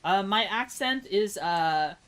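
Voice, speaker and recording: A woman's voice: mid-range voice, animated, takes it slowly, a bit bright, low-quality recording. A woman with an American accent chatting casually on a live stream, reading chat aloud. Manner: chatty, reads chat aloud, laughs at own jokes; tries mock German accent voices.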